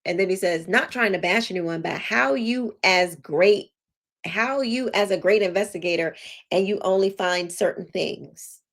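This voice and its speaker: Brief: woman commentary host, reads messages aloud, sarcastic asides, mid-pitched voice. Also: a little slow, a bit bright. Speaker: show host.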